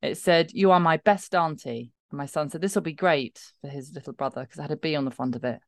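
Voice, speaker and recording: Low-voiced chatty woman. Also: quick pace, no room sound. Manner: chatty, wry, teasing. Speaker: podcast co-host. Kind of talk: casual chat.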